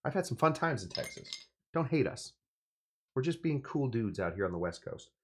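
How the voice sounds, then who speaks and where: A male cocktail host from California chats through a casual drink demo at a medium pitch. He rambles and jokes, dropping playful asides as he goes. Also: big pitch swings, normal speed, slight background noise.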